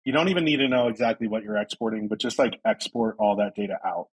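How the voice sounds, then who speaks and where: A man from Ohio, a company founder, explaining things as a podcast guest in a relaxed way with lots of fillers. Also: fairly low pitch, fast, breathy edge, rough recording. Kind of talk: casual interview chat.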